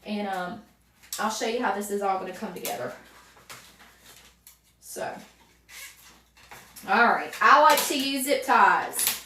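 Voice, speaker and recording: A woman with a North Carolina Southern accent hosting a live crafting stream, chatting warmly with viewers by name as she works. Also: mid-range voice, slow, pauses often, reverberant, far from the mic, slight background noise. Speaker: livestream craft host.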